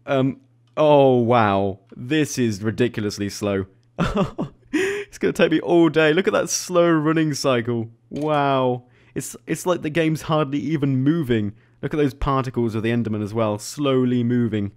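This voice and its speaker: A man giving casual gameplay commentary as a YouTube host. He talks in a chatty, excitable way and laughs often. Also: mid-range voice, moderate pace, hardly any pauses.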